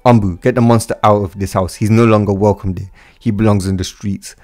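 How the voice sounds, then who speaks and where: A cold, scheming father issues firm commands, as a man puts him on. The voice stays low and dark, close to the reader's own, but pushed louder and clipped like orders in a fan storybook reading. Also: steady tone, a little fast, no echo, natural voice. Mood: stern. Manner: issuing stern orders.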